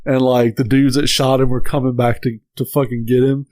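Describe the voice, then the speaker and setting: A man chatting casually as a podcast co-host, his voice sitting in the middle range. He swears freely and retells cartoon bits with quick squeaky put-on voices. The recording is close and dry, with no room sound. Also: flat delivery, a little mellow, dry recording. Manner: swears a lot, acts out cartoon scenes with high voices. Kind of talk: casual chat.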